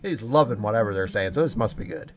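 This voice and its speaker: A man's voice: on the low side, lively intonation, fast talker, slight background noise. Male solo wrestling commentator, enthusiastic, conversational, addresses viewers. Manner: enthusiastic, chatty, talks straight to viewers.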